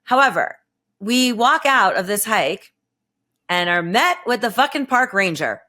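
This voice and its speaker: Speaking a little slowly in a mid-range voice, a thirtysomething podcast host spins a lengthy, casual story. She swears, stays animated, and performs other people's lines in a raised voice.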